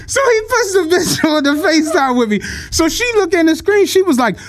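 Young man, podcast co-host, casual storytelling, very lively pitch, profane, laughs a lot. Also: normal speed, few pauses. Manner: animated, profane storyteller who laughs through his stories.

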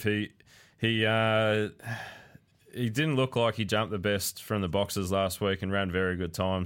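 A laid-back Australian man talking through greyhound racing tips on a podcast. His voice sits low and smooth, with a fairly flat, even delivery that rarely rises. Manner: laid-back, drawn-out with many fillers. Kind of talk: casual podcast chat.

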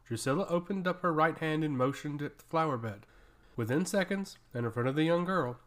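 A man narrating a fantasy story in a steady, even storytelling way. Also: fairly high pitch. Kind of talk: scripted fantasy audiobook narration.

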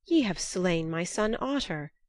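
A woman's voice: on the low side, lively intonation, unhurried, no echo. A woman voicing a grasping, cunning old man in a storybook reading, given to shrieking demands.

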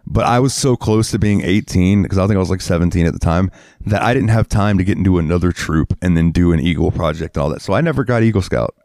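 A man's voice: deep voice, fast, a little mellow, no room sound, studio quality. A man co-hosting a podcast, telling a heated, profane story in casual chat and acting out what people said. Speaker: podcast co-host.

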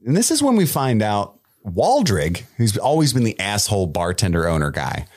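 A man's voice: lowish voice, huge pitch swings, normal speed, a little mellow. A man co-hosting a podcast, recapping an episode in casual chat, laughing and swearing freely. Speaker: podcast co-host.

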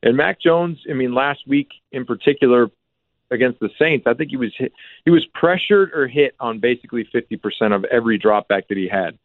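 A man's voice: a little fast, no room sound. A man, a former football player, giving emphatic sports analysis as a phoned-in guest on a radio show. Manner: emphatic, repeats names with rising pitch. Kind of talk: casual sports radio chat. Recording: tinny phone line, dry.

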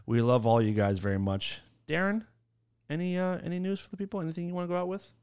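A man's voice: fairly high pitch, fast talker, darkish tone, clean tone. A man co-hosting a podcast in casual chat, teasing his co-hosts and laughing often. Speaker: podcast co-host.

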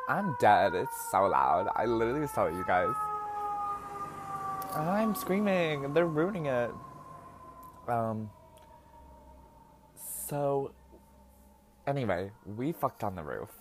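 A young man hosts a podcast indoors, eating while he records, in a medium-pitched voice with a darkish tone over a little hiss or hum. His monologue of personal stories is casual and chatty, full of laughter and the word "like."

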